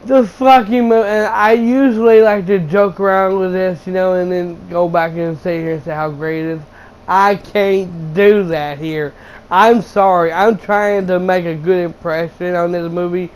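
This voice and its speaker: A man's voice: high voice, steady tone, unhurried, a little hiss or hum, rough recording. A young man hosting a video game channel, ranting through a blunt, profane, exasperated movie review.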